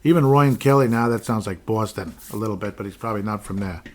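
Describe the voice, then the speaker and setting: Low-voiced man rambling sports talk. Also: fast, a little hiss or hum. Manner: rambling, jokey, plays with his voice. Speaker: podcast host. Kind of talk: solo sports podcast commentary.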